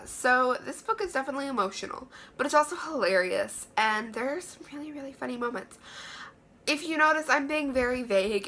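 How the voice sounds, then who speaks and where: A woman's voice: a little high, sharp tone. A woman giving an enthusiastic, chatty book review in a room lined with books. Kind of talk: casual book review vlog.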